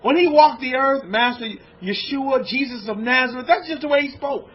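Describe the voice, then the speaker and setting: A man preaching a lecture-style sermon as a rabbi to his congregation, firing off rhetorical questions and swinging from loud exclamations to low, hushed lines. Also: normal speed, breathy edge. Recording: dull lo-fi recording.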